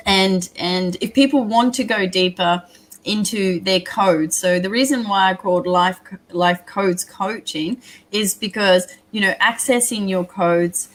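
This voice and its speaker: A woman from Australia with a Canberra accent, a life coach guest talking earnestly about her work in a casual interview. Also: medium pitch. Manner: earnest, self-deprecating, quick to laugh.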